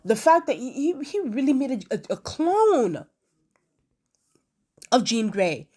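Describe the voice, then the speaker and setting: Chatty higher-voiced woman reviewer. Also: slow. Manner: animated, acts out quotes; chatty, many fillers. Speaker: video reviewer. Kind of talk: casual episode review.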